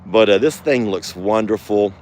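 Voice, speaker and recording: A man's voice: moderate pace, a little mellow. A man hosting a casual farm vlog, sweet-talking his animals. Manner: coos at animals in sweet, high baby talk. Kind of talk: casual chat.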